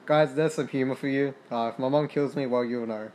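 A young man doing casual commentary on a basketball sim game, reading stats aloud, swearing freely and getting excited. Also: mid-range voice, brisk. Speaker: gaming podcaster.

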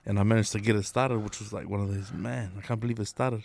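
A man's voice: lowish voice, fairly even intonation, fast talker, creaky, darkish tone. A man, co-hosting a casual podcast chat in laid-back slang. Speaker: podcast co-host.

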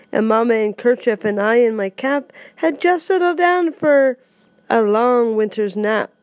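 A woman hosting her own podcast in a playful, joking way, reciting a holiday poem with loud, animated emphasis. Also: sits high, no echo. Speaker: podcast host.

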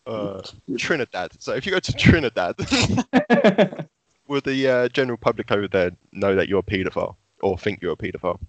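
A man's voice: fairly low pitch, sing-song, a little fast. A man co-hosting a podcast, putting jokey questions to a guest. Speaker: podcast co-host. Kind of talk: casual chat.

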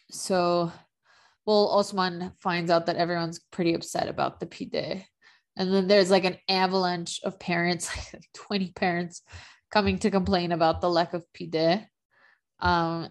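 A woman in casual chat, recapping a TV drama as a podcast co-host, talking loosely with lots of fillers and frequent laughs. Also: fairly low pitch. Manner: chatty, filler-heavy, laughs often.

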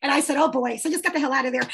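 A woman casually telling a fan story, animated and laughing often, acting out quoted lines. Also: sits high, gravelly, a little hiss or hum.

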